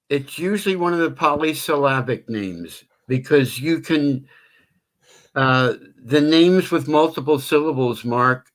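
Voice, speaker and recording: Older man, stadium announcer, gentle hesitant chat, mid-pitched. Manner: drawn-out melodic announcer delivery when calling names; gentle, hesitant, many pauses. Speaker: stadium public address announcer. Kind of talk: phone-in interview chat.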